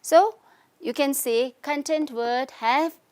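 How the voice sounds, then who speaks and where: A woman's voice: sits high, takes it slowly, a little mellow. Female English teacher, Tibetan accent, patient step-by-step explainer, keeps asking "okay?". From Tibetan community in India. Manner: explanatory, frequent "okay?" and "you can say" checks. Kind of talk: recorded lesson.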